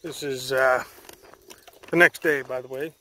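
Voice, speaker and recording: A young man rambling casually in a walking vlog through the woods by a creek, telling animated stories, recorded on a handheld camera. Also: mid-range voice, unhurried. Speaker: vlogger.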